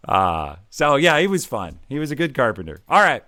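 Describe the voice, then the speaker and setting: A man's voice: mid-range voice, big pitch swings, a little slow, pauses often, fairly bright tone, no room sound, clean studio sound. A middle-aged man hosting a live stream with career advice, chatty and jokey, rambling with ums and uhs. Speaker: livestream host giving career advice. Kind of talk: casual live-stream chat.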